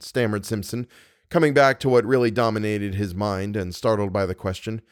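A man reading a horror story aloud in a measured, grave way. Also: on the low side, steady tone, dry recording, clean studio sound. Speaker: podcast narrator. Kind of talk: scripted narration of a horror story.

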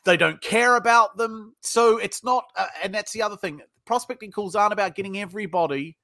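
Brit sales trainer guy, high bright voice, blunt and sweary, dry close sound. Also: fairly quick, gravelly, dry recording. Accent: British English. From United Kingdom. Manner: blunt, swears, acts out both sides of calls. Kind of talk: podcast interview, storytelling.

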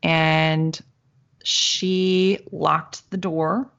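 A woman telling a long personal story in casual conversation, animated, laughing now and then and acting out the voices she quotes. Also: low voice, very slow. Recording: dull lo-fi sound.

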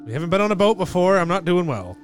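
A man plays in a tabletop game and cracks jokes throughout. His voice sits high and jumps around. Faint music runs behind him. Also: very animated, fast. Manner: joking, playing a seasick character. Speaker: player. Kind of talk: casual tabletop banter.

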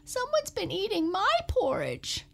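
A squeaky, tiny baby bear cub. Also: female voice, huge pitch swings, a little slow, creaky, exaggerated voice. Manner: high squeaky crying voice.

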